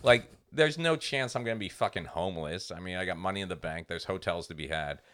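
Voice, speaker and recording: Deep-voiced and brisk, with a fairly bright tone, this man in his forties is a comedian co-hosting a podcast. Swearing and exasperated, he rants through a story in casual conversation, impersonating the other people in it.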